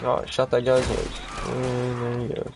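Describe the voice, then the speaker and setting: A man's voice: medium pitch, completely flat delivery, a little slow, gravelly, noisy background. A man giving casual, profane commentary while playing a game, talking trash at the characters on screen. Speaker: gamer.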